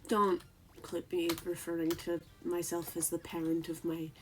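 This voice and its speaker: A woman's voice: on the low side, completely flat delivery, normal speed, a little hiss or hum. Woman cooing at her cat on stream. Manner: coos at her pet cat in a sing-song baby voice; drops into soft whispers now and then. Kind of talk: casual live-stream chat. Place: home room while streaming.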